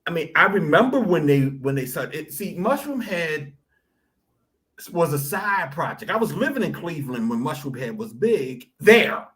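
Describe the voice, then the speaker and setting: A man with a somewhat high voice hosts a casual web talk show. He reminisces in an animated way, wandering off into asides as he tells his stories. His pitch sits above that of most men. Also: moderate pace. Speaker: show host.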